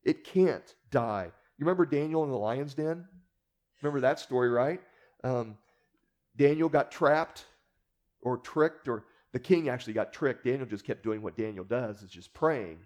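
A man's voice: medium pitch, normal speed, darkish tone. A man preacher teaching a Bible story in a casual storytelling way, with rhetorical asides to the listeners.

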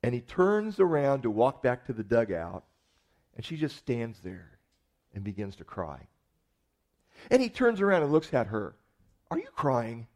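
A man's voice: medium pitch, big pitch swings, normal speed, long pauses, darkish tone. A man preaching a sermon, with conversational storytelling and earnest emphasis.

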